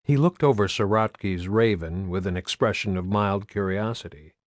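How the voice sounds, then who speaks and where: A man reading an audiobook as narrator with an even, steady delivery. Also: on the low side, moderate pace, no echo. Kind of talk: scripted narration.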